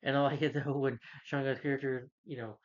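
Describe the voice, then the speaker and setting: A man's voice: medium pitch, level tone, a little fast. A man casually recapping a movie plot, rambling and filling with "like" and "you know.". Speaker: movie reviewer. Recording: dull lo-fi recording.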